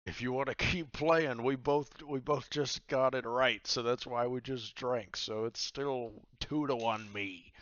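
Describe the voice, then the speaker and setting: A man voicing a boisterous pirate who hosts a drinking game, calling everyone lad and gloating loudly. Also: medium pitch, fairly even intonation, a little slow, few pauses, no room sound, dull audio, pitched above the performer's own voice, natural voice. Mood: boasting.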